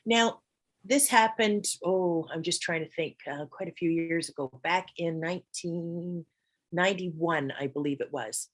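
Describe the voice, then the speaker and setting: A middle-aged woman with a somewhat low voice joins the show as a caller on a video call. She recounts her story hesitantly, pausing often and filling the gaps with ums. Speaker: caller asking a question. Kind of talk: hesitant personal account.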